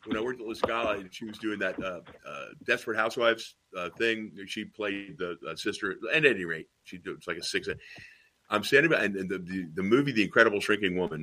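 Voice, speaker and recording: A middle-aged man from Tennessee telling rambling, animated anecdotes in casual chat, with many fillers and restarts. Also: low-pitched.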